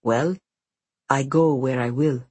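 A woman voicing a cold, quiet menacing stranger. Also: extremely low pitch, steady tone, slow pace, husky, no room sound, voice pushed down, heavily acted. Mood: coldly menacing. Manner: quiet, cool, dryly humorous threats. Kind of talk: audiobook character voice.

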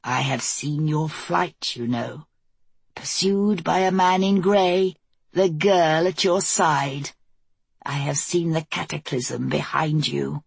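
A woman voicing a low, menacing dark creature. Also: takes it slowly, creaky, breathy edge, no echo, heavily acted. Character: sinister giggling inhuman dark creature.

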